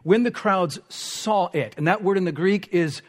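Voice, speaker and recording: A man's voice: high voice, moderate pace. A man preaching a sermon, explaining a text closely with rhetorical asides. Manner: expository, dwells on words, rhetorical asides.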